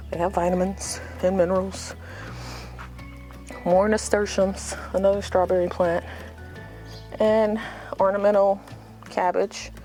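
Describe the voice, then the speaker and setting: A woman's voice: medium pitch, a little mellow. A woman giving a casual, unscripted tour of her front yard garden, chatty and rambling with self-deprecating asides, filmed outdoors on a phone.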